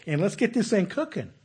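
A man doing a loud, bossy temple priest. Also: high voice, husky, pitched above the performer's own voice, exaggerated voice. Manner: loud, shouted orders. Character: bustling ancient male temple priest, eager, bossy.

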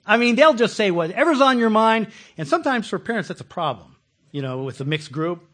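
A man preaching a conversational sermon as a pastor, animated, asking his listeners questions and acting out the voices he quotes. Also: high-pitched, fairly quick.

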